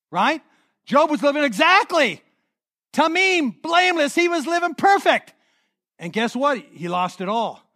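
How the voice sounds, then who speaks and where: A man preaching a sermon in church as pastor, animated, acting out quoted voices and leading the congregation in call-and-response. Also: very high-pitched. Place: church sanctuary.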